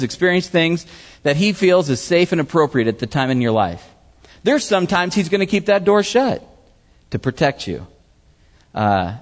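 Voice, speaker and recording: A man preaches with a lively voice that rises and falls a great deal, asking the listeners questions and voicing the people in his stories. His voice carries a long reverb from the hall he speaks in. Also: on the high side. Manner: animated preaching with questions to the audience, acts out voices. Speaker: pastor. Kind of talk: sermon.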